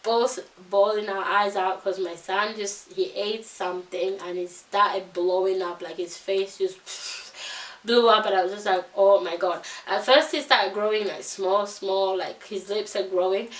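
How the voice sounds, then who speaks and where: A young woman, chatting to her viewers in an animated, storytelling way with lots of fillers. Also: mid-range voice, measured pace, roomy sound, far from the mic, low-quality recording. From United Kingdom. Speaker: vlogger. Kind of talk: casual chat to camera.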